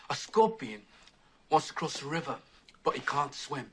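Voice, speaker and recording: An actor playing a captive soldier under a hood, talking on in a soft, hushed voice in a film scene. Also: male voice, fairly high pitch, very animated, moderate pace, husky. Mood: calm, musing. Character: captive hooded soldier, chatty and calm. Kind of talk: film dialogue clip.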